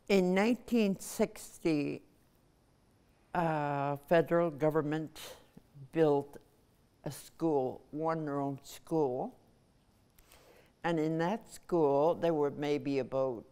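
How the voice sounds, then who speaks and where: Slow low-voiced older woman. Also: dark tone, smooth. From Nunavut, Canada. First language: Inuktitut. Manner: measured, pausing between phrases. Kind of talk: personal recollection.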